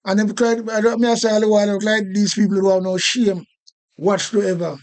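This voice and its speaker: A man's voice: sits high, level tone, brisk. A man with a Jamaican accent ranting indignantly on a live stream, repeating himself and swearing. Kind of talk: casual political rant.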